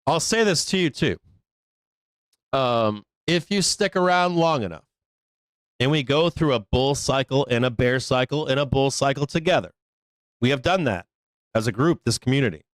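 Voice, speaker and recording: A man's voice: medium pitch, animated, normal speed, no room sound. A man hosting a live stock market show, talking bluntly and emphatically with lots of swearing in a rambling, casual way. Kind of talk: casual live trading commentary.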